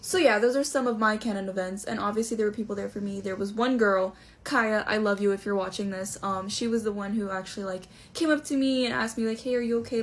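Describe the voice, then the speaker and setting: A young woman telling a casual story-time anecdote in an earnest, reflective and firm way. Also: medium pitch.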